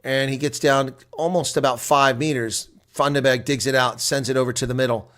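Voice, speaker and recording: Man shouting excited rugby play-by-play. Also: mid-range voice, fairly quick. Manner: erupts into loud excited shouts at big plays, then settles into chatty talk; casual, rambling, reads viewer comments. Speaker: live reaction commentator. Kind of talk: live play-by-play and color commentary.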